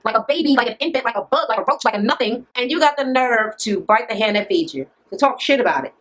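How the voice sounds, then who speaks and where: A woman's voice: a little high, fairly bright tone. A woman vlogger giving a casual recap of a reality show, blunt and profane, sarcastic, often laughing at her own jokes. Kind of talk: casual ranting recap commentary.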